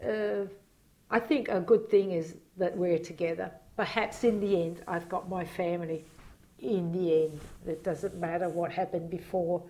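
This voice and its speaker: A woman's voice: lowish voice, fairly even intonation, a little slow, dark tone. A woman being interviewed, talking in a reflective, hesitant way with many fillers and frequent laughs. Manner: laughs often while talking. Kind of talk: casual reminiscing interview.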